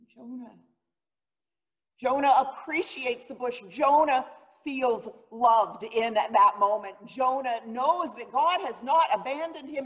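A woman pastor giving a sermon, telling the story in an earnest, dramatic way. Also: on the high side. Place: church sanctuary. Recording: long reverb of a church hall.

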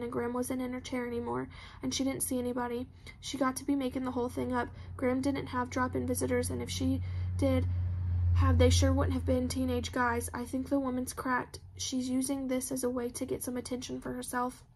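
A woman voicing a withdrawn teenage boy who speaks in a flat, distant way. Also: high voice, a little fast, gravelly, slight background noise.

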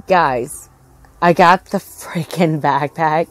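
A young woman narrating her own gameplay in a casual, excitable, easily distracted way, full of fillers and sudden outbursts. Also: low voice, slow pace. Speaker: gaming channel host. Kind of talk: casual game commentary.

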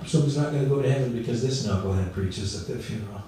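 A man's voice: medium pitch, fast talker, warm tone. A middle-aged male pastor preaching a sermon in a chatty storytelling way, acting out the people in his stories. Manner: conversational storytelling, acts out quoted voices. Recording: very echoey room, mic at a distance.

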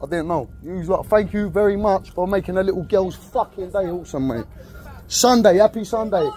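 An angry Essex man with a fairly high voice, ranting and swearing at police officers outdoors. He is recorded close on a phone, with faint noise underneath. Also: brisk, mellow. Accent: Essex English. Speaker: vlogger filming a police stop. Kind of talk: heated street argument. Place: street outdoors.

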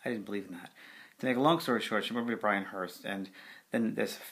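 A middle-aged man, a spiritual medium, recounting a memory in a relaxed conversational way with frequent fillers. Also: on the low side, quick pace. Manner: conversational, with fillers, acting out quoted voices. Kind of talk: video testimonial storytelling.

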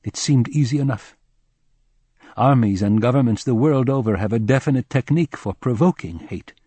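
A man reads a first-person novel aloud, measured and grave. His voice is mellow and slightly husky. The recording is close and dry, with no room sound. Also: mid-range voice, dry recording. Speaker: audiobook narrator. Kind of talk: first-person literary narration.

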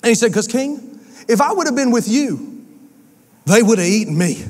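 Pastor, male, high voice, lively storytelling sermon delivery, church hall with long reverb. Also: normal speed. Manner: energetic storytelling preacher. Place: church sanctuary.

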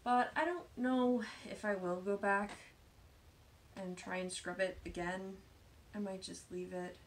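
A chatty woman hosting a knitting show, talking casually at home with a mid-range voice. She slips between lively, self-deprecating chatter and quiet muttered asides. A faint hiss sits under the recording. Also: mid-range voice, measured pace. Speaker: knitting podcast host. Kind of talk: casual show-and-tell chat.

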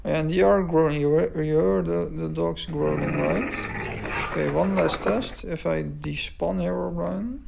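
A little high, gravelly and a little slow, the man's voice carries casual gameplay commentary aimed at the in-game dogs. He sounds puzzled and mocks himself; the background noise is loud.

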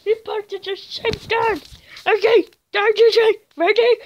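A woman giving excited commentary over her mobile game, squealing at wins and humming along as she plays. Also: very high-pitched, slow pace, lo-fi sound. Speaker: gameplay narrator. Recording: noisy home recording.

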